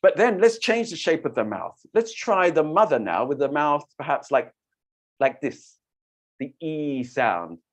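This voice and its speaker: An animated storytelling teacher running an online workshop, with a lively, swooping pitch. The voice sits in a middle register and keeps modelling sounds for the learners to copy. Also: unhurried.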